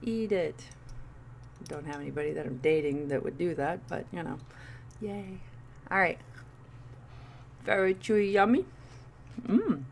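A woman's voice: lowish voice, measured pace, vocal fry, pauses often, a little hiss or hum. Playful woman reviewing candy on camera. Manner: playful, goofy asides. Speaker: vlogger. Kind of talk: casual candy review vlog.

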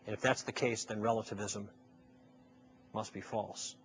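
A man with a fairly low, fairly even voice speaks at a normal pace, with a little hiss or hum in the audio. As a public speaker giving a persuasive lecture live, he tells a story and enacts both sides of an exchange with rhetorical questions.

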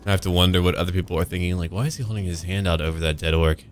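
Deep-voiced man joking through a game. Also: fairly even intonation, rapid-fire, a little hiss or hum. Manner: sarcastic, jokey running commentary. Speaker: gaming YouTuber. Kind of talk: let's play commentary. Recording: voice over loud game music.

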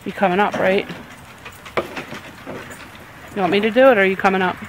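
A woman's voice: mid-range voice, fairly quick, background noise. A woman filming her dogs outdoors on a backyard deck with a handheld camcorder, doting and laughing as she talks to them. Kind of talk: casual home video chat.

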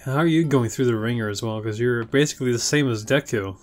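A man's voice: medium pitch, moderate pace, soft background music. A man with a stuffy nose, chatting casually and swearing lightly as he reacts to an anime episode, with the show's audio playing underneath.

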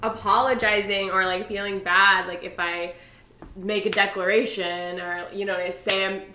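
A woman talking candidly in a casual chat, gently poking fun at herself. Her voice is bright and forward. The room gives her a noticeable echo. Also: medium pitch, fairly even intonation, moderate pace. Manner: self-deprecating, candid. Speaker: guest. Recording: roomy echo.

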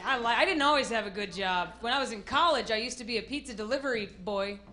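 A woman's voice: fairly high pitch, fast. A young woman from Texas with a Texan accent, performing a self-deprecating stand-up comedy set on a club stage. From Amarillo, Texas. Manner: drawling, self-deprecating storytelling with frequent laughs. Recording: live club recording with audience noise.

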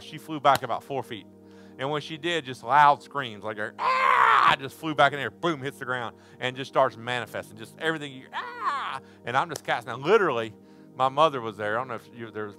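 A man preaching a sermon at a church service, telling stories in a folksy way and breaking into shouts. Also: medium pitch. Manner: folksy storytelling, bursts into shouting.

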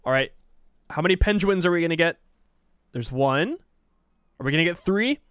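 A man's voice: a little high, expressive, normal speed, a bit bright, smooth, no echo, studio quality. A man casually commenting on his own strategy gameplay, chatty and self-mocking, laughing often. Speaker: game streamer.

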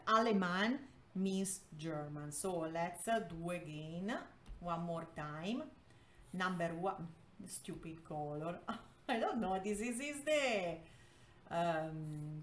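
A native Spanish-speaking woman teaching an online Spanish lesson, explaining slowly in English with many fillers and restarts. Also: fairly low pitch, fairly bright tone. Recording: echoey room.

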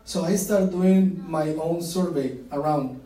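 A man in the audience shares a story, stumbling and restarting as he goes. His voice is slightly high and mellow, and it comes from across a reverberant hall. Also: slow. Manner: hesitant, restarts often. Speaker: audience member. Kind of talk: question from the audience. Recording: echoey room, mic far off.

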